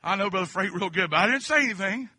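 A preacher from Kentucky with a Southern accent, giving a testimony sermon. He shifts between quiet storytelling and fervent, shouted preaching. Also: sits high, expressive, fast talker, husky, dry recording.

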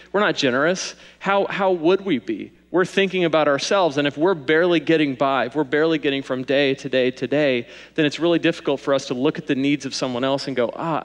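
A young man gives a sermon in a conversational, lively way, slipping into little acted asides. His voice sits a touch high. It rings out with the long reverb of a large hall. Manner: conversational, animated asides, sings and mimics while preaching. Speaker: pastor.

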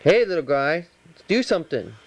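A man, a father, introducing his baby on a home video and cooing to him in gentle baby talk. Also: a little high, big pitch swings, brisk, slight background noise.

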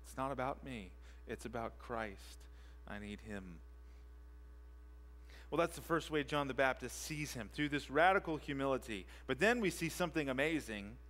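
A man who is a pastor, preaching a sermon with emphatic repetition and rhetorical questions, moving between quiet and loud for emphasis. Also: mid-range voice, animated, normal speed. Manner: emphatic, repeats key phrases and asks rhetorical questions. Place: church sanctuary.

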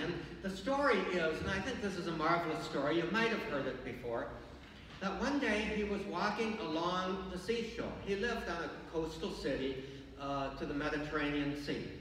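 An older man, a priest, giving a conversational, gently humorous sermon that takes the form of a story. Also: fairly high pitch, a little hiss or hum. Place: large church. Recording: echoey church from far off.

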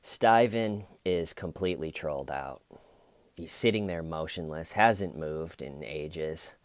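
A man's voice: very deep voice, slow pace, dry recording. A man giving mocking, rambling commentary on a true crime case, often restarting his sentences. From United States. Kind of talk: casual video commentary.

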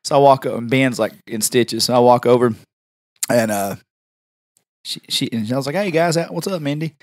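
A man co-hosting a podcast, telling stories in a relaxed, animated way. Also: medium pitch, normal speed, no echo, studio quality. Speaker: podcast co-host. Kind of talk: casual chat.

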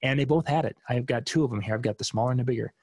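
Gravelly, husky man hosting a live stream. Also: medium pitch, very fast, darkish tone, no echo, studio quality. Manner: chatty, rambling, frequent restarts. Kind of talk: casual live seminar talk answering viewer questions.

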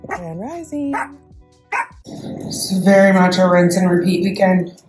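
Lowish-voiced woman in her 30s doing a chatty vlog, faint music behind. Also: completely flat delivery, a little slow. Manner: chatty, talks herself through her groceries. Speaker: vlogger. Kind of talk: casual vlog chat.

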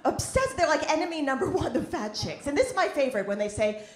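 High, lively woman doing stand-up. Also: fast, few pauses. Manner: self-deprecating, wry. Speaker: stand-up comedian. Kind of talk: stand-up routine. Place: comedy club in New York. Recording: roomy club recording with audience noise.

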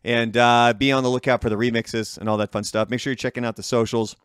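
A man's voice: medium pitch, fairly even intonation, fast talker, a bit bright, smooth, no echo. Laid-back man in a dry room. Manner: laid-back, profane, self-questioning. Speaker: podcast co-host. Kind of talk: casual chat.

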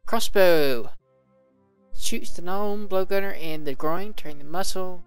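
A man's voice: sits high, unhurried, clean tone, faint music behind, low-quality recording. A man commentating a video game, reading its combat log aloud and adding casual remarks. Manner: reads game text aloud with casual asides. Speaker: let's play commentator.

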